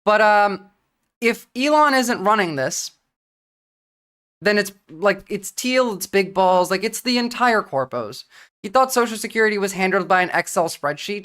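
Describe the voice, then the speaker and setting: Lady streaming, blunt and sweary, rattling off opinions, middle pitch. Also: lively intonation, fairly bright tone. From New Jersey. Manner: blunt, profane, talks fast in bursts with restarts. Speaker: livestream political commentator. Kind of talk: casual livestream commentary.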